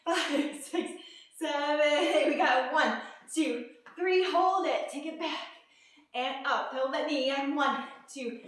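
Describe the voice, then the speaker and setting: Out of breath but upbeat, a female fitness instructor counts reps and calls out moves during a workout, her high voice slow and fairly bright. The recording is distant, in a room with echo.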